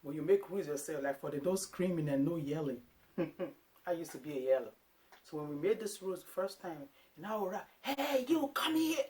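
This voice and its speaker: An animated woman from Africa, in her thirties, talks to camera about raising her kids. Her chat is casual and lively, and she often drops into short acted-out lines of her own and her sons'. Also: low-pitched, a little fast. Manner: animated, acts out quotes of herself and her sons. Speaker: parenting vlogger.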